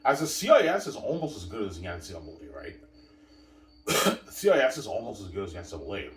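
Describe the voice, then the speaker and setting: A man's voice: low voice, wildly swooping pitch, fast talker. A man giving a rambling, emphatic sports monologue, repeating himself and turning to his viewers to drive each point home. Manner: repetitive, emphatic, keeps saying obviously and addressing viewers. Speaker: sports commentator. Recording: roomy sound from a distant mic.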